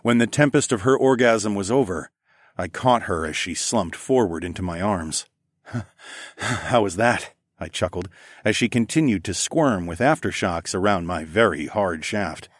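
A man with a very deep voice reads a first-person erotic audiobook. His delivery is low, intimate and unhurried, recorded dry and close to the mic. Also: animated, no echo. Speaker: audiobook narrator.

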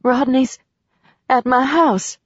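A woman's voice: on the high side, normal speed, no echo, lo-fi sound, pitched above the performer's own voice, lightly acted. Woman voicing a tense, defiant young heroine. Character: frightened but stubborn young woman.

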